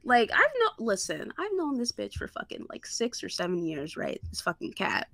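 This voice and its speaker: A woman's voice: mid-range voice, big pitch swings, moderate pace, vocal fry, fairly bright tone, no room sound. A woman guest on a podcast, chatting casually in a laid-back, slangy way with casual swearing. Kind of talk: casual chat.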